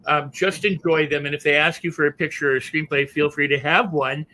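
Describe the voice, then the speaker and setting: A male host with a bright, forceful tone and a slightly higher-than-average pitch. He talks in a loose, reflective way and often restarts his sentences. Faint noise sits under his voice. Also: steady tone, low-quality recording. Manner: conversational, reflective, halting restarts. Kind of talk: casual interview chat.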